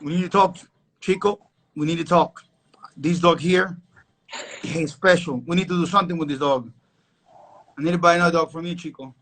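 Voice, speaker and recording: Brief: a man putting on an insistent cowboy dog owner, high and husky. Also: steady tone, normal speed, long pauses, fairly bright tone. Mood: eager. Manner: eager, insistent. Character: excited cowboy-type male dog owner.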